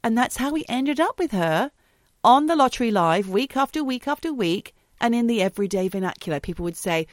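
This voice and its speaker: A woman's voice: fairly high pitch, expressive, brisk, no echo. A woman co-hosting a podcast, chatting casually, telling stories and teasing her co-host dryly. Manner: chatty storyteller, dry teasing. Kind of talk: casual chat.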